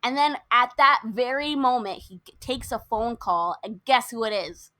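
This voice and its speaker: Animated American woman recapping a film. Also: on the high side, moderate pace. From United States. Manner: animated, indignant storytelling with quoted lines. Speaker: podcast co-host. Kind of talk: casual movie recap chat.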